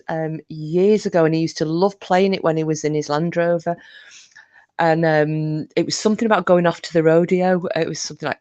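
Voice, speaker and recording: A woman's voice: fairly low pitch, no echo. A woman hosting a livestream in casual chat, rambling and often breaking into giggles. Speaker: livestream host.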